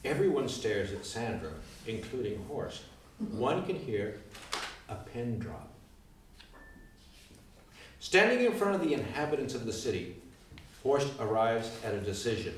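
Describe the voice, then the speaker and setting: A man's voice: mid-range voice, big pitch swings, measured pace, long pauses, distant mic, slight background noise. Man reading stage directions. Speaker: narrator. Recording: roomy live recording from afar.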